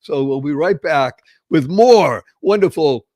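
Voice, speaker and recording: A male podcast host chatting casually, upbeat and quick to break in with asides. His voice sits a little high for a man. The sound is dry and close. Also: lively intonation, dark tone, no room sound.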